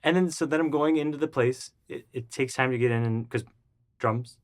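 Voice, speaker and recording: A man guest in an interview, telling a story casually and acting out the voices of the people in it. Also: moderate pace. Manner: animated, acts out the voices of people in his story; jumps high and loud when excited.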